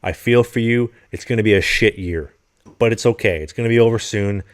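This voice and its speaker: A man co-hosting a podcast, chatting casually and telling animated stories with plenty of swearing. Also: fairly low pitch, brisk. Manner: animated storyteller, swears freely. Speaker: podcast co-host.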